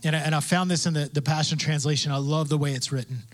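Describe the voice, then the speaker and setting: A man preaching a sermon as pastor, conversational with asides, acting out quoted voices and building to loud emphasis. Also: on the high side, fairly even intonation, fast. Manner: conversational with asides and self-interruptions.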